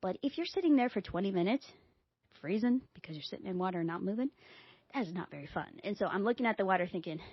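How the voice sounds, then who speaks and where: Expressive woman podcast host with a dry, slightly dull recording. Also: quick pace, slightly rough, no room sound. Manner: animated, acts out quoted dialogue with big pitch jumps. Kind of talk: casual storytelling.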